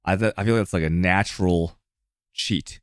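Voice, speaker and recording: An American man hosting a stream, chatting casually in an animated, joking way with lots of fillers. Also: low voice, normal speed, no echo, clean studio sound. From United States. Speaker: streamer host. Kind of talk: casual chat.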